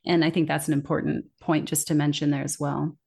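Woman, lowish register, earnest consultant guest, reflective, conversational. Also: flat delivery, a little fast, gravelly, a little mellow, breathy edge. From English-speaking country. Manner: earnest, reflective, quotes others' complaints. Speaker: accent bias consultant, guest. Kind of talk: conversational interview.

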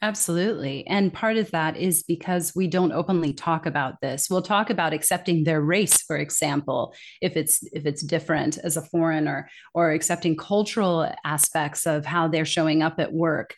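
A woman's voice: low voice, normal speed, few pauses. A woman speaking as an interview guest in an earnest, reflective way, often quoting the complaints she hears. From English-speaking country. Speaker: accent bias consultant, guest. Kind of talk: conversational interview.

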